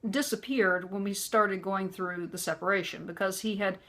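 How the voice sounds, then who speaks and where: A woman telling a personal story in an earnest, conversational way, filling pauses with "you know". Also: medium pitch, fairly even intonation, fairly bright tone. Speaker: vlogger.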